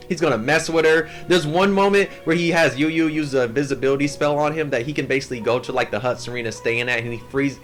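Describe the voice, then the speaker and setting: Young guy for a casual anime recap: slangy and lively, a bit high-pitched, faint music behind. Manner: slangy, animated, heavy on "like" and "yo". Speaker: anime channel host.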